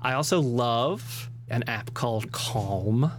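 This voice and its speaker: A man co-hosts a podcast in loose, casual conversation, pressing his points with emphasis and laughing often. His voice sits at an ordinary middle pitch. A faint hum runs underneath the recording. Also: expressive, takes it slowly. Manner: emphatic, chatty, with frequent laughs. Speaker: podcast co-host.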